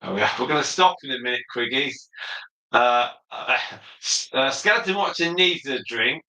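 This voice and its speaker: A man's voice: medium pitch, lively intonation, normal speed, bright, forceful tone, roomy sound, rough recording. A man hosting a casual livestream, chatting freely as he reads out viewer comments and replies to them. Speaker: livestream host.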